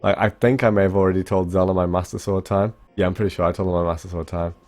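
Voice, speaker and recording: A man's voice: low voice, fairly even intonation, fast, a little mellow. A young man, a speedrunner, rambling casually to his livestream chat, swearing freely and answering viewers. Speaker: speedrunner streamer.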